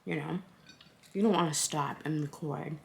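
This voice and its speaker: A woman's voice: low voice, moderate pace, vocal fry, slight background noise. A woman in her thirties chatting casually to her phone camera for a home vlog, full of fillers like "like" and "so yeah". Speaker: vlogger.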